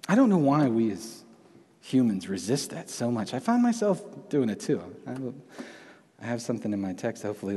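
A young man preaching in a slightly low, husky voice, with a long reverb hanging after his words as if in a large hall. He talks in a loose, conversational way and often restarts his sentences. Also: mellow. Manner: conversational, many restarts and asides. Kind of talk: sermon.

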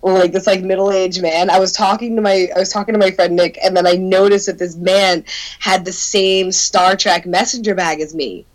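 A young adult woman telling a story in casual chat, animated, laughing often, swearing and peppering her talk with "like.". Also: mid-range voice, normal speed, poor audio.

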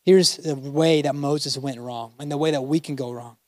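A man's voice: fairly high pitch, steady tone, moderate pace, darkish tone, no room sound, studio quality. A man preaching a sermon as a pastor, dramatically acting out biblical figures in casual modern speech.

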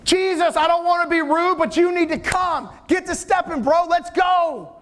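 Preacher putting on a desperate father, frantic and pushy, shouting, voice pushed very high. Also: normal speed.

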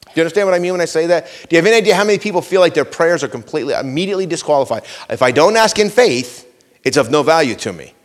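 A man preaching a sermon, earnest and pleading, who pushes his listeners with repeated questions and swings between hushed intensity and raised urgency. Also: a little high, animated, rapid-fire, in a large hall. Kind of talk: sermon, teaching from scripture.

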